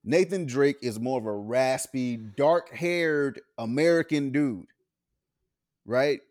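A man's voice: medium pitch, slow pace, darkish tone, no echo, clean studio sound. A man co-hosting a podcast, speaking bluntly with lots of profanity in casual chat. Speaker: podcast co-host.

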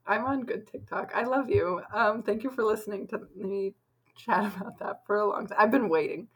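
A woman's voice: medium pitch, moderate pace, breathy edge, low-quality recording. A young woman co-hosting a podcast, chatting casually and filling her talk with lots of "like". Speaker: podcast co-host. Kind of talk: casual chat.

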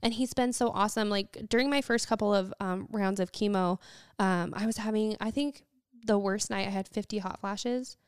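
A woman's voice: medium pitch, normal speed, clear, resonant tone, no room sound, studio quality. A young woman in casual conversation, telling a long personal story in a chatty way, acting out what people said, with lots of "like" and "um". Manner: chatty storytelling, quotes people, many fillers.

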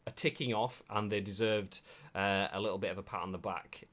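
A man's voice: lowish voice, fairly even intonation, a little fast, a bit bright. A man hosting a casual live-streamed video game news show, reading articles aloud with jokey asides. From United Kingdom.

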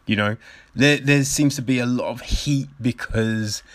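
A man's voice: mid-range voice, measured pace, no room sound. A young man hosting a casual, profane commentary show, rambling and swearing as he reacts to the news. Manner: rambling, swears a lot, animated. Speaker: host.

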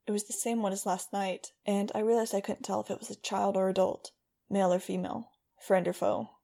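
Casting: woman audiobook narrator, wry first-person storyteller, gravelly edge, mid pitch. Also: level tone, mellow. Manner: wry, brisk storytelling with voiced dialogue.

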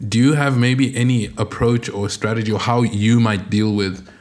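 A man hosting a podcast interview, asking a long question with hesitant pauses and fillers. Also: lowish voice, fairly even intonation, darkish tone. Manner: hesitant, filled with "um" and "you know". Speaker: podcast host. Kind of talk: interview conversation.

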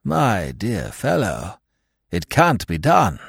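A man's voice: on the high side, very animated, unhurried, vocal fry, no room sound, studio quality, voice pushed up, exaggerated voice. A man voicing a vague, absent-minded elderly male aristocrat who rambles and trails off.

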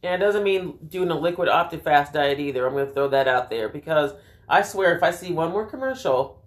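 A wry woman co-hosting a casual talk show, tossing in quick quips. Her voice sits fairly low but swings widely, lively and expressive. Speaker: podcast co-host. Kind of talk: casual chat.

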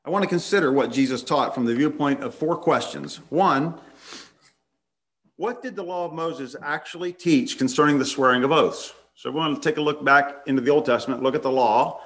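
A man's voice: on the high side, a little fast, fairly bright tone. A man preaching a sermon, laying out numbered points and reading scripture passages aloud, sometimes restarting his phrases.

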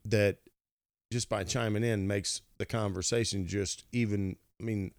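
A young man chats as a podcast guest. His low, raspy voice sounds dry and close to the mic, and he tends to ramble into rants. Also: fairly even intonation, a little slow, no echo. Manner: rambling, ranty. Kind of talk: casual chat.

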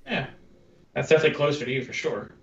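A man's voice: medium pitch, quick pace, fairly bright tone. A man joking and teasing in casual podcast chat. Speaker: podcast co-host. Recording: roomy, distant, lo-fi sound.

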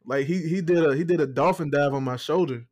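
A young man, telling jokey stories in a relaxed casual chat. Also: on the high side, a little fast. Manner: relaxed, joking storyteller.

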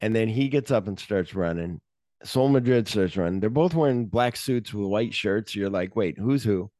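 Animated male podcast host, dry sound. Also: on the low side, moderate pace, no echo. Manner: animated retelling, acting out movie lines. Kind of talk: casual movie discussion.

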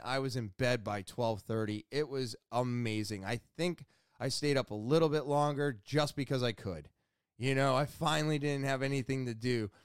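A married man vlogging a casual, rambling recap of his week, telling stories with many fillers and animated quoted exchanges. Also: medium pitch, clean tone, no room sound, clean studio sound.

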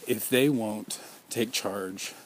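A man's voice: fairly low pitch, slow pace, a little hiss or hum. A man speaking out as a survivor in an impassioned personal monologue, earnest and accusing, piling up repeated rhetorical questions.

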